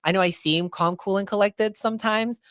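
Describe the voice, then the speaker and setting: A woman co-hosting a casual podcast, telling stories with lots of excitement and acting out quoted voices. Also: mid-range voice, moderate pace, no room sound, studio quality. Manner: excitable storyteller, acts out quotes. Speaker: podcast co-host. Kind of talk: casual chat.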